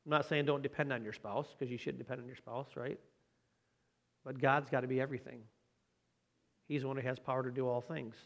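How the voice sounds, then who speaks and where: A man's voice: mid-range voice, fairly even intonation, brisk, pauses often. Male preacher, mid-range voice, easygoing sermon delivery, leans on tag questions. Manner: conversational, frequent rhetorical tag questions.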